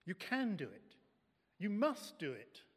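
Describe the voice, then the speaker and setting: A man's voice: high-pitched, huge pitch swings, a little slow, husky, heavily acted. A man voicing a firm, solemn God. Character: commanding yet reassuring male God. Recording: echoey hall.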